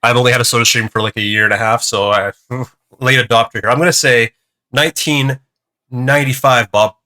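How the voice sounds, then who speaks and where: A man's voice: medium pitch, steady tone, fairly quick, bright, forceful tone. A man from Canada in casual chat, playful and jokey.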